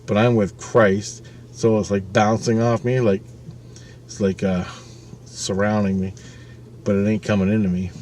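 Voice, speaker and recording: A man's voice: on the low side, flat delivery, unhurried, pauses often, darkish tone, slight background noise. A man casually telling a personal spirit story, rambling and swearing, often checking in with the listener with "right?". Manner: rambling, profane, with frequent "right?" asides. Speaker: vlogger.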